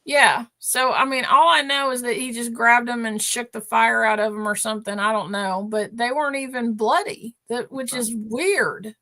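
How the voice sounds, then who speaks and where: A woman's voice: a little high, fairly even intonation, moderate pace, few pauses, sharp tone. A woman co-hosting a podcast, telling a story in a rambling, emotional way with many restarts. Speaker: podcast co-host. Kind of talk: casual chat.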